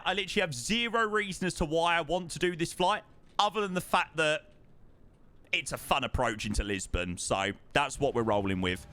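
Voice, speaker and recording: A young man chatting casually on a live stream while flying a sim, excitable and self-mocking. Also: fairly high pitch, a little hiss or hum.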